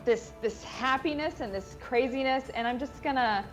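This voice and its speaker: A woman's voice: high-pitched, moderate pace, dull audio, faint music behind. A woman playing a tabletop game, describing her character's action hesitantly, rambling with restarts. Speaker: player.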